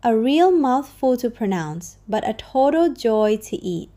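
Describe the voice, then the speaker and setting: Woman teacher, bouncy lively voice, warm mellow tone, says each word twice real slow. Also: on the high side. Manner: models words slowly and repeats each one. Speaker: language teacher. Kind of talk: scripted language lesson.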